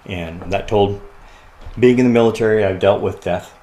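A man sharing a personal story as a podcast guest, earnest and often quiet and halting, laughing at the lighter moments. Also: on the low side, low-quality recording.

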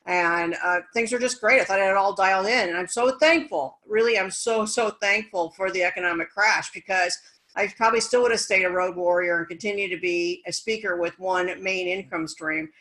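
Woman guest, business coach type, lively storyteller with a bright, ringing tone. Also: medium pitch, brisk, low-quality recording. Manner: energetic, animated, acts out quoted dialogue. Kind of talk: conversational storytelling.

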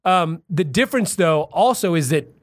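A man's voice: on the high side, lively intonation, moderate pace, no echo. A man co-hosting a casual political chat podcast, swearing freely and stumbling over his words as he rambles. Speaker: podcast co-host.

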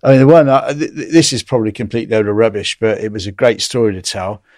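A chatty English man in his fifties tells long anecdotes, often breaking into laughter. His voice sits fairly low. The recording is dry and close. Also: steady tone, fast, a little mellow, no room sound. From England. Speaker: guest. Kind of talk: casual storytelling interview.

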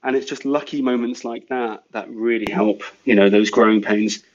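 A man's voice: lowish voice, fairly even intonation, moderate pace, lo-fi sound. A man telling business stories in a casual, rambling way, full of "you know". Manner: chatty, filler-heavy with lots of "you know". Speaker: guest business owner. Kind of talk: casual storytelling.

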